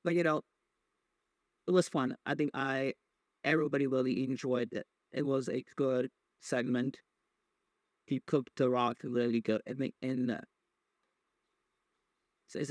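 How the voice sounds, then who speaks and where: A man's voice: mid-range voice, a little slow, pauses often, no echo. A man hosting a podcast, recapping wrestling in a casual, rambling way, swearing freely and filling gaps with many fillers and restarts. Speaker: podcast host.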